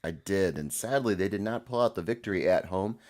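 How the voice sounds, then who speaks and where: Low-voiced man rambling casually. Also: brisk, darkish tone. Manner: rambling, many fillers. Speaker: podcast co-host. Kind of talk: casual sports chat.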